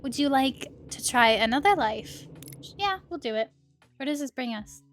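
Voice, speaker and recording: A woman's voice: high voice, expressive, moderate pace. A young woman streaming a game, chatting casually and reading the game's text aloud in an amused way. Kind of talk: casual let's-play commentary. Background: faint lo-fi music.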